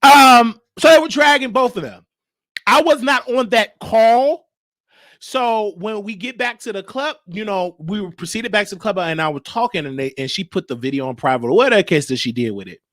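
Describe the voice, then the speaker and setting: A man hosting his own show, telling a story in a casual, animated way and mimicking the people in it. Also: moderate pace, no room sound, studio quality. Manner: animated, mimics others, drops to a low crooning voice. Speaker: show host.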